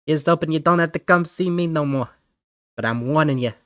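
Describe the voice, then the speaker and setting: A man voicing a grumpy tough-guy male mole in a put-on Boston or New York mob accent, gruff and scolding. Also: fairly high pitch, fairly quick, a bit bright, dry recording, studio quality, close to an everyday voice. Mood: grumbling. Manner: gruff, scolding, calls the listener punk.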